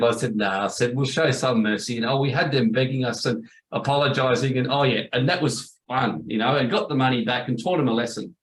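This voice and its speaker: Animated man telling a story. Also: mid-range voice, brisk, few pauses, roomy sound, a little hiss or hum, rough recording. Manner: animated storyteller acting out quotes. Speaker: business coach, former law firm owner. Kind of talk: casual storytelling interview.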